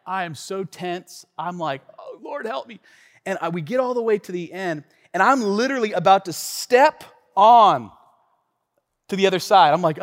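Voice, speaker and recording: High-pitched guy preaching, chatty storytelling, lots of asides to the crowd, big echoey hall. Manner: animated and conversational, with many asides to listeners. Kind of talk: sermon storytelling. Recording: long reverb of a large hall.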